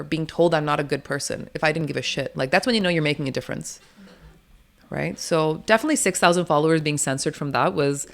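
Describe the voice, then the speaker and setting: Blunt low-voiced woman guest. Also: creaky. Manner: outspoken, blunt, swears casually; animated, laughs often between points. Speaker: doula, interview guest. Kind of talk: casual interview talk.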